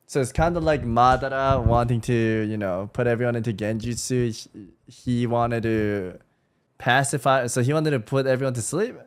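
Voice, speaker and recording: A man chatting casually on a live stream, reacting to a video, talking to chat and swearing as he gets worked up. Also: medium pitch. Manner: excitable, swearing, talks to chat, rises into loud outbursts.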